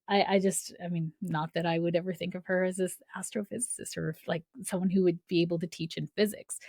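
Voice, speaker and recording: A woman's voice: medium pitch, no echo, clean studio sound. A woman hosting a podcast, telling a personal story in a chatty, filler-heavy way, often laughing and acting out the voices of people she quotes. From Canada. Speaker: podcast host.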